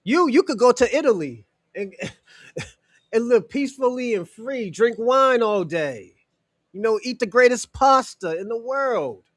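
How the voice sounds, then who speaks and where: A man's voice: very high-pitched, no echo. A man from the United States chatting on a casual livestream and answering his chat, talking loosely and profanely, filling gaps with "you know" and chuckling often.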